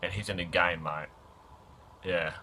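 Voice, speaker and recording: A man's voice: low voice, fairly even intonation, measured pace, pushed and bright, a little hiss or hum. A man giving an offhand, casual rant about songs as a guest reviewer. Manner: offhand, keeps saying "mate".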